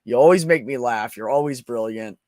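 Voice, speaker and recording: A man's voice: medium pitch, a little fast, darkish tone, no echo, studio quality. A young man hosting a casual livestream, crude and joking, laughing often as he reads chat. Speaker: livestream host.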